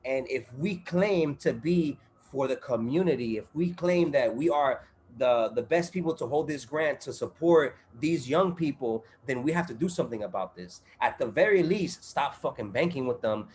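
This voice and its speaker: A man's voice: mid-range voice, animated, normal speed, a little mellow, a little hiss or hum. A man guest on a podcast, telling a story in casual chat, full of profanity, street slang and fillers.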